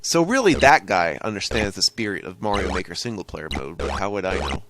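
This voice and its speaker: A man's voice: low voice, big pitch swings, a little fast, noisy background. A young man rambling through joking, tangent-filled commentary while playing a retro game. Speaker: gaming channel host. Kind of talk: let's play commentary.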